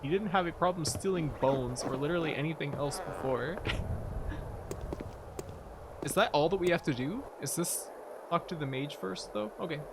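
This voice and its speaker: A man's voice: a little high, moderate pace, gravelly, pauses often, background noise. A man commenting on a game he is playing, making sarcastic, incredulous remarks and laughing asides. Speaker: gameplay commentator. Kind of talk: let's-play commentary.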